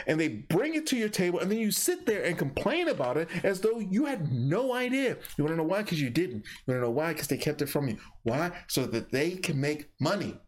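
A man giving casual reaction commentary on a political clip, exasperated and mocking, rambling with stumbles. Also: fairly high pitch.

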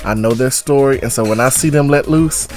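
A man co-hosting a casual podcast, his voice worn down from singing at church all day, lively and quick to break into song. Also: medium pitch, faint music behind. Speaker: podcast co-host. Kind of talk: casual chat.

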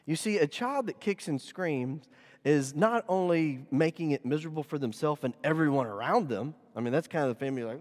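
A man preaching a sermon, animated and rising and falling for emphasis, in a church sanctuary. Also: on the high side, brisk. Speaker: pastor. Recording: long hall reverb.

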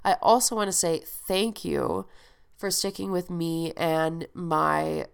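A woman with a lowish, gravelly yet smooth voice hosts a casual solo podcast, speaking a little slowly. Her nose is stuffed up, giving her a nasal sound, and her delivery is chatty, emphatic, and motivational.

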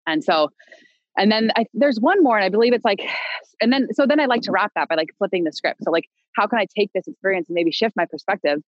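A woman's voice: medium pitch, expressive, fast talker, no echo, muffled recording. Young woman telling a rambling story. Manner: rambling, many fillers and restarts, laughs now and then. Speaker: podcast guest. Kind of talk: casual conversational storytelling.

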